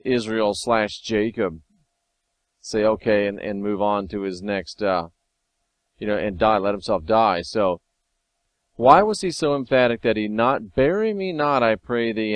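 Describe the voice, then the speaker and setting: A man hosting a casual video monologue, talking wryly and sometimes excitedly as he reads and comments on scripture. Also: fairly low pitch, unhurried, long pauses, no room sound. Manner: conversational, wry, sometimes excited. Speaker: video host.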